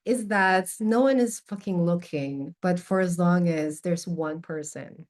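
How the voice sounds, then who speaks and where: A woman in a podcast conversation, telling a personal story with lively expression and candor. Her voice sits somewhat low, and she talks casually, dropping the occasional curse word. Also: measured pace. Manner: animated, expressive anecdote-telling with casual swearing; candid, openly emotional. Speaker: podcast guest.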